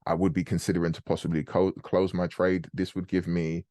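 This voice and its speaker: Man, deep low voice, dry, casual fast explainer, live trading call. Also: flat delivery, warm tone, no room sound. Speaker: forex trading host.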